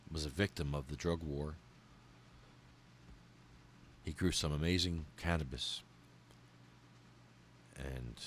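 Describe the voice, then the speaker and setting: Low-voiced man, emotional and swearing. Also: fairly bright tone, a little hiss or hum. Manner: heartfelt, angry and profane, with halting pauses. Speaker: podcast host. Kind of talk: emotional monologue reading a memorial list.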